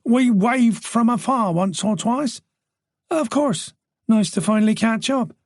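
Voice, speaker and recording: A man's voice: very high-pitched, no echo, clean studio sound, voice pushed up. A man voicing a hearty, breezy neighbour husband in an audiobook. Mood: jovial. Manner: breezy, friendly, brisk.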